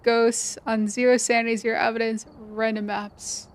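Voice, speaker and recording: A woman live-streaming a video game, chatting with viewers and explaining mechanics, her voice cracking and going hoarse. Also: a little high, flat delivery, unhurried. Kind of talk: live gaming commentary.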